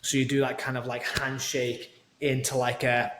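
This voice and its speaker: A man's voice: medium pitch, level tone, moderate pace, fairly bright tone. Chatty, rambling man swearing freely. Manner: rambling, swears freely, lots of fillers and restarts. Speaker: guest, online coach. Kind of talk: casual podcast chat.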